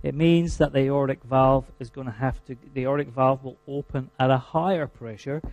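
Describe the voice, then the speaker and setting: A Scottish man teaches a physiology class in a mellow, darker voice. He leans hard on key terms, slowing down to repeat them, and tosses in dry jokes. The sound is close and dry. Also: mid-range voice, steady tone, dry recording, soft background music. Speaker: lecturer. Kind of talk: university lecture.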